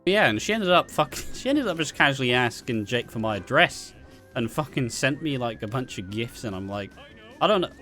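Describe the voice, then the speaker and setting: A young man telling casual, profane stories, with animated delivery and laughing asides. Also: medium pitch, normal speed, faint music behind. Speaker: vlogger. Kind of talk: casual storytime monologue.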